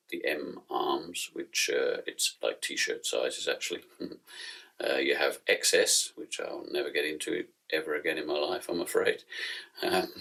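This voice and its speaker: A man's voice: fairly bright tone, rough recording. A man giving a casual, chatty product demonstration with small self-deprecating jokes, his voice picked up by a camera mic a little way off as he moves around. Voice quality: very deep, gravelly and husky. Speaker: product distributor presenting equipment.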